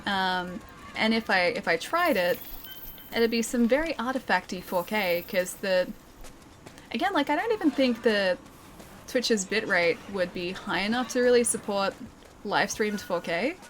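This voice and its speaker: A woman's voice: medium pitch, expressive, a little slow, a bit bright, a little hiss or hum. A young woman streaming a game, chatting casually with viewers, laughing often and reading comments aloud. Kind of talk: casual live-stream chat. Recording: game music playing underneath. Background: game music.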